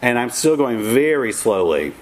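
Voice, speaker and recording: In a low-quality recording, a middle-aged man with a medium-pitched voice and moderate pace shares an amusing story from his own life. He mocks himself wryly and animatedly imitates the people in the tale.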